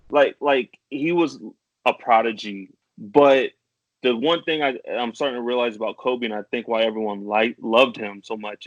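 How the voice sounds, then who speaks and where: A man's voice: medium pitch, dry recording. A man in his thirties, co-hosting a podcast in casual chat, reflective, stammering now and then and laughing between thoughts. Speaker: podcast co-host. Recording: dry, dull lo-fi sound.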